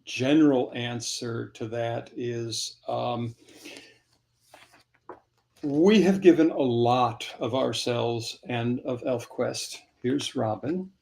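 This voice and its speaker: Slow, gravelly older man. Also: medium pitch, darkish tone. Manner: rambling, spells names aloud while signing. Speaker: comic creator signing fan items. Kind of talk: casual livestream chat.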